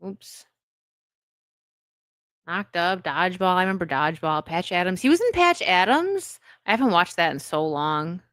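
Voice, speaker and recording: A woman's voice: lowish voice, expressive, normal speed, a bit bright, no echo, clean studio sound. A woman hosting a casual solo video chat, rambling and chatty with frequent laughs. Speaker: host.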